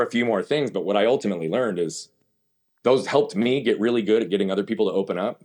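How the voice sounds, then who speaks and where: A low, slightly mellow male voice belongs to a podcast guest who recounts his story candidly and emphatically. He keeps asking himself rhetorical questions.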